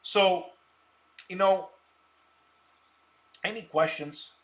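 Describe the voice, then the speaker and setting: High bright-voiced man ranting scornfully. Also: very slow. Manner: scornful, boastful, mocking insults; bursts of loud laughter and shouting. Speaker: stock options live streamer. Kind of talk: ranting live stream talk.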